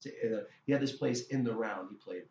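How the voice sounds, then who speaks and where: Animated middle-aged man telling a story. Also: on the low side, fairly quick, slight background noise. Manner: animated, with many restarts and stammers. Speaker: guest musician. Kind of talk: casual storytelling interview. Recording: roomy, dull lo-fi sound.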